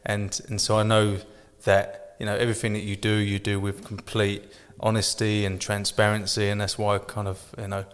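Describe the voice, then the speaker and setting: Low, flat-voiced male podcast host. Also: moderate pace, few pauses, smooth, big-room sound. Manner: rambling, many restarts and fillers, warm praise. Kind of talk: casual chat.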